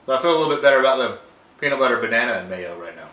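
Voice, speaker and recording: A man co-hosts a casual tasting video with short, blunt reactions. His voice is bright and mid-pitched, with lively swings. He sits away from the mic in a room with echo. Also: very fast, far from the mic. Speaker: co-host. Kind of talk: casual food-tasting chat. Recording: echoey room, a bit off-mic.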